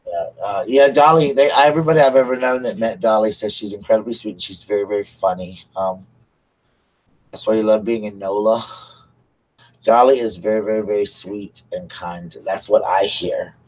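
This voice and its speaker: A man's voice: lowish voice, moderate pace, darkish tone, rough recording. A man hosting a casual live stream, rambling and chatting to his viewers. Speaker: livestream host.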